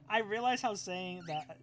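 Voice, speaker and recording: Profane young streamer ranting. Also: male voice, high voice. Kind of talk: live-stream reaction rant.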